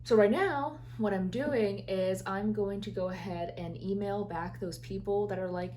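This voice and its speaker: A woman's voice: mid-range voice, normal speed, noisy background. A woman in her twenties talking casually to camera at her desk at home, ranting sarcastically about her frustrations, with sudden squeals. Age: 20s. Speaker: vlogger. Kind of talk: casual vlog chat.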